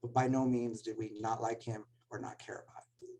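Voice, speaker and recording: A man's voice: medium pitch, little pitch movement, fairly quick, warm tone, low-quality recording. Earnest man telling school stories. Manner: earnest storytelling, gets choked up. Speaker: school administrator. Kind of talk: webinar talk.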